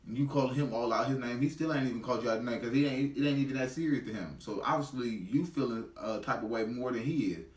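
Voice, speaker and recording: A man's voice: medium pitch, fast talker, hardly any pauses, darkish tone, roomy sound, far from the mic. A man giving a heated, profane reaction commentary in blunt street slang.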